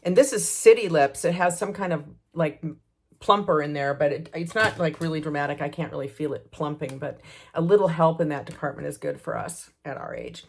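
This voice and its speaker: Woman in her 60s, lowish voice, relaxed talky tutorial delivery, thinks aloud as she works. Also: a little fast, husky. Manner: chatty, thinking aloud with fillers and restarts. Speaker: lifestyle vlogger. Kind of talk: casual makeup tutorial.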